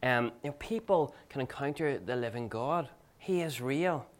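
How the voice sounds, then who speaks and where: A man's voice: mid-range voice, animated, moderate pace. A male pastor preaching a sermon in a conversational, earnest way, weaving in personal stories.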